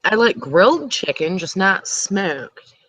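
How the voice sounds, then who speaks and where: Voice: mid-range voice, very animated, slow, fairly bright tone. A person in casual chat, hesitant and searching for words as they explain a view. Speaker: guest on the stream.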